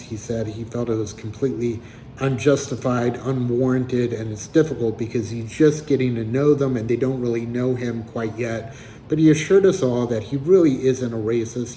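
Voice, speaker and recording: A man's voice: medium pitch, fairly even intonation, moderate pace, warm tone, a little hiss or hum, rough recording. A man casually telling a story about someone he met, in a conversational, slightly wry way.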